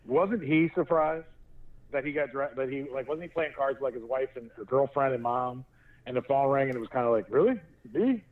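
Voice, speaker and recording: A podcast co-host chats casually about sports, animated and chuckling often. His mid-range voice moves at a brisk pace, and the audio sounds narrow and tinny.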